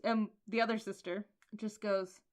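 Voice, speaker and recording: A woman's voice: mid-range voice, level tone, measured pace. A woman co-hosting a casual podcast, recapping comics in a playful, amused way. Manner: playful, amused, quotes characters in a light voice. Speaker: podcast co-host.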